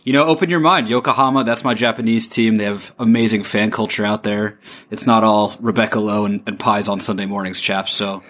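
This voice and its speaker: A man's voice: on the low side, steady tone, a little fast, a bit bright. A man co-hosting a comedy podcast in a laid-back, jokey way. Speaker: podcast co-host.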